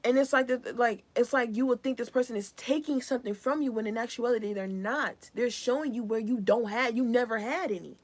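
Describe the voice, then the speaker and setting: A woman's voice: fairly high pitch, a little fast, few pauses. A young woman giving a live collective tarot reading in a casual, rambling, slangy way. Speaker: tarot reader.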